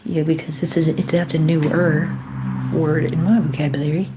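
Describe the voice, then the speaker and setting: A woman hosting a casual livestream, chatting to viewers, giving blessings and greetings, and often dropping into soft whispered asides. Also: low voice, level tone, normal speed, noisy background. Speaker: livestream host.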